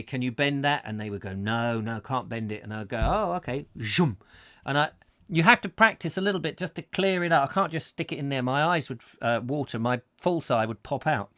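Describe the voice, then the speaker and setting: A man's voice: medium pitch, fairly bright tone, no echo. A man hosting a comic live chat show, rambling through jokey stories and singing little snatches. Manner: chatty, jokey storytelling, sings snatches. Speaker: host.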